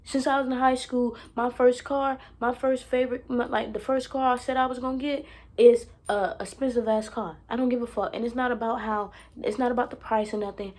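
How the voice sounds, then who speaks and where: A young woman talks straight to her audience in a casual vlog, her voice sitting a little high. She is blunt and swears freely, hammering her points home by saying them twice. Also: steady tone, fairly quick, darkish tone. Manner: emphatic, repeats herself for effect. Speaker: self-help vlogger. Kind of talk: casual monologue to camera.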